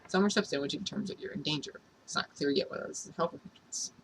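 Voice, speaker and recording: Here a let's play narrator reads a role-playing game's dialogue aloud, handling every character's lines himself. His delivery is fairly high-pitched, rapid-fire and a bit bright, captured on a distant mic in a noisy space.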